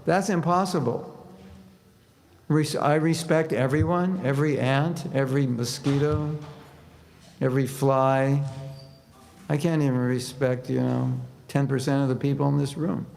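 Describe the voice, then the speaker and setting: Gravelly-voiced man preaching in a hall. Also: mid-range voice, unhurried. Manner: conversational, animated when quoting prayers. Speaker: spiritual teacher. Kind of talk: sermon with humor. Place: temple hall. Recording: reverberant hall with faint noise.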